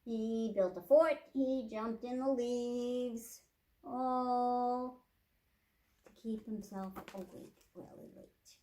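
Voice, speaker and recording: A children's librarian reading a picture book aloud at storytime. She speaks gently and very slowly, in a high voice, pausing to ask the little ones questions. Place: public library.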